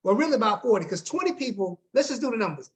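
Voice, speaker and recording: A man's voice: high-pitched, big pitch swings, quick pace. A man coaching his team on a group video call, upbeat and slangy, talking straight to the group and checking in with them often.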